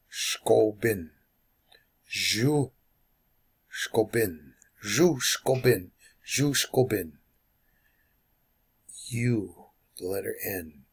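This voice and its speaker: Slow, husky man drilling phrases. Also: on the low side. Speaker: language teacher. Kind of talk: call-and-response language lesson.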